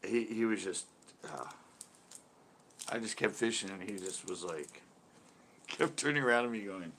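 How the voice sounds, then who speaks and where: A man hosting a casual livestream chat, telling a fishing story and reading viewers' questions. He laughs often and gets lively when he quotes other people. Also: fairly low pitch, unhurried, long pauses, a little hiss or hum. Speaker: livestream host.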